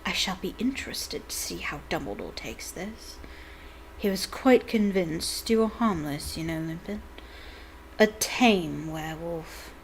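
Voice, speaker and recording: A cold, sneering male wizard professor, put on by a woman reading a storybook aloud. He talks in a silky hiss, soft and menacing. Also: on the low side, expressive, measured pace, gravelly.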